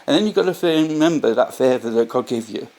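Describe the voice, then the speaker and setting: A man with a voice of ordinary pitch speaks earnestly and unscripted about faith. He circles back to his main points and often restarts his sentences as he talks. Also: lively intonation, fairly quick, darkish tone. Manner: earnest, repeats key points, frequent restarts. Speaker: vlogger sharing faith reflections. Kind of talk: casual spoken reflection to camera.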